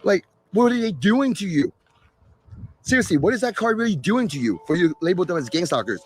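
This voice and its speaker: A man's voice: high-pitched, sing-song, a little fast, slight background noise. Sarcastic man ranting at his viewers. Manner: sarcastic, exasperated. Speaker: live stream host. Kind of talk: ranting casual talk to viewers.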